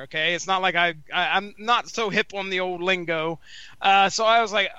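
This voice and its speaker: Male podcast co-host, rambling, swears casually; high, very bright voice, close and dry. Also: normal speed, smooth, dry recording. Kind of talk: casual chat.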